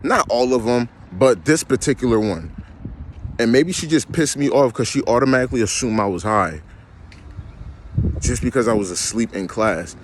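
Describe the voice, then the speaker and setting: A man's voice: medium pitch, animated, moderate pace, background noise. A young man, ranting emphatically and repeating himself in a vlog. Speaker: vlogger. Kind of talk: ranting monologue.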